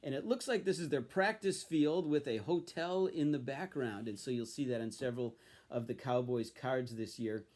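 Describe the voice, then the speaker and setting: A man's voice: medium pitch, normal speed, darkish tone. Chatty man walking through his collection. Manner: chatty, explanatory, with frequent ums and uhs. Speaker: sports card collector reviewing a card set. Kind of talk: casual show-and-tell review.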